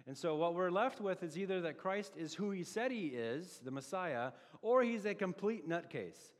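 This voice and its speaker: A man preaching a sermon as pastor, conversational and animated, full of rhetorical questions. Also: a little high, a little fast, long reverb tail.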